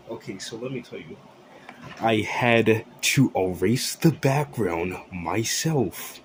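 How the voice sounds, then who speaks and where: A man rants to camera in a casual vlog, blunt and rambling and swearing freely. His voice sits fairly low, with steady noise behind it. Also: takes it slowly. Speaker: vlogger. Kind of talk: casual profane rant.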